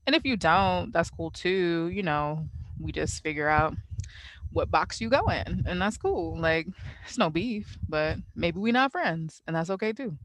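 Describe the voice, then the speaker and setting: A woman in a casual chat, thoughtful and measured, pausing with fillers as she thinks. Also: lowish voice, animated, no room sound, poor audio.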